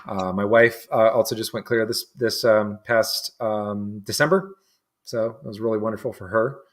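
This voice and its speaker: A man from New England speaks with a fairly low voice in relaxed conversation. He circles his thoughts with frequent fillers and false starts, stacking repeated words before he lands a point. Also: slight background noise. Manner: halting, many restarts and fillers. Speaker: interview guest. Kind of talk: casual conversation.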